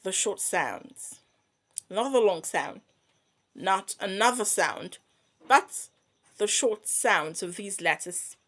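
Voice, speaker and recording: A woman teaching pronunciation, modeling each vowel sound slowly and quizzing the listener. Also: medium pitch, animated, a bit bright. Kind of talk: slow, deliberate lesson.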